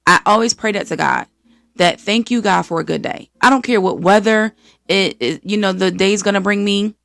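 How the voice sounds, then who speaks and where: An American woman from the East Coast hosting a podcast, giving an energetic, preachy faith-based motivational talk and acting out voices of the people she quotes. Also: medium pitch, moderate pace, creaky, no room sound, clean studio sound. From East Coast of the United States. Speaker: podcast host.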